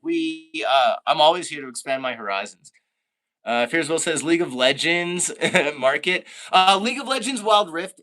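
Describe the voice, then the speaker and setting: A man from Canada chatting casually on a live stream, reading out viewer comments, laid-back and quick to laugh. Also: fairly high pitch, sharp tone, clear, resonant tone.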